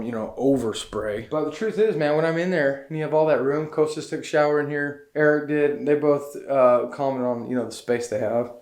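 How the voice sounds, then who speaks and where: A man's voice: mid-range voice, darkish tone. A middle-aged man vlogging on his last day at his cabin, choked up and sighing as he talks to himself. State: tearful. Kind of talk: emotional personal vlog.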